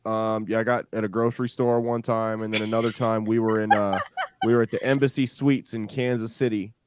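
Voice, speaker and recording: A man's voice: fairly low pitch, little pitch movement, brisk, background noise. A man co-hosting a podcast, telling laid-back stories in casual chat, swearing freely and laughing often.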